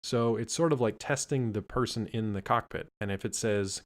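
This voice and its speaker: A man co-hosting a podcast, chatting casually about an anime with quick jokes and asides. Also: lowish voice. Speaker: podcast co-host. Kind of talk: casual chat about a cartoon.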